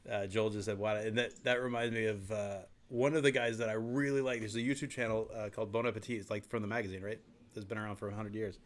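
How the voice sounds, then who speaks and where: A man with a Southern US accent hosting a casual podcast chat, easygoing and chuckling, with drawn-out vowels. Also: lowish voice, little pitch movement. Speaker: podcast host.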